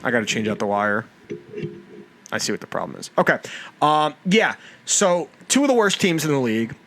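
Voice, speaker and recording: A young man hosting a sports podcast, his voice sitting a little high. He rants and trash-talks with a steady stream of profanity. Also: fairly quick, slight background noise. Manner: profane, ranting, mocking. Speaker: podcast host. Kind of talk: casual sports chat.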